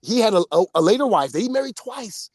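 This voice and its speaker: Talking fast, a podcast co-host with a slightly high voice that spikes when he's excited tells animated stories and laughs often. The sound is dry and close, with no room sound at all.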